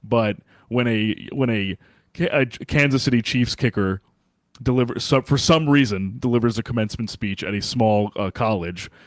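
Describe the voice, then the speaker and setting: A man's voice: medium pitch, normal speed, no echo, clean studio sound. A man co-hosting a sports podcast in casual chat, rambling with many fillers and restarts. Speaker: podcast co-host.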